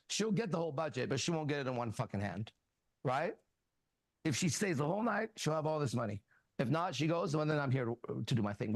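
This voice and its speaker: Guy hosting a talk show, kinda high voice, swears a lot, bossy coaching tone, dry close sound. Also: no echo. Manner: blunt, profane, coaching a younger man; animated anecdotes with quoted dialogue. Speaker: host. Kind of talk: casual advice talk and storytelling.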